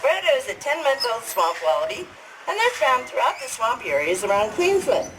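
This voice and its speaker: A woman's voice: on the high side, sing-song, moderate pace. A woman presenting a live animal show to a fair audience, chatty and leading the crowd in cheers, recorded on a noisy outdoor fairground.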